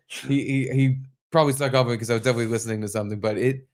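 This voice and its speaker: A man co-hosting a casual podcast, telling stories in an animated way, swearing freely and acting out his own startled yelps. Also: mid-range voice, rapid-fire. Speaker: podcast co-host. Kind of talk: casual chat.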